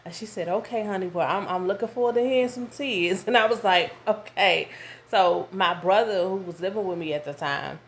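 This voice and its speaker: A woman, telling a casual story to her viewers at home, animated and full of asides. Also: medium pitch, fairly quick. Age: 30s. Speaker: vlogger. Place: home with her young son nearby.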